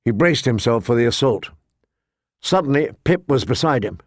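A man narrating a fantasy novel in a measured, steady storytelling voice. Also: medium pitch, no room sound, clean studio sound. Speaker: audiobook narrator.

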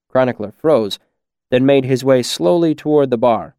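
A man's voice: medium pitch, moderate pace, mellow, clear, resonant tone, no room sound. Man narrating an audiobook, dry sound.

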